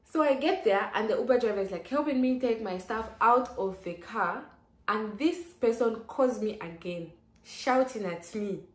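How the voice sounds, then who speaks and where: A woman's voice: fairly high pitch, moderate pace. Young woman, story-time vlogger, chatty and exclaiming, roomy echo. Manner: chatty, lively, many "like" fillers and sudden exclamations. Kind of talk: casual storytelling.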